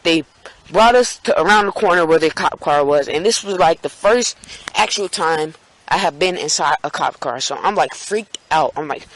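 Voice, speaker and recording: Young man telling a rambling, high-pitched story. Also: animated, normal speed, fairly bright tone, low-quality recording. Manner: rambling, many fillers and restarts, acts out scared friends in high squeaky voice. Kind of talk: casual storytime vlog.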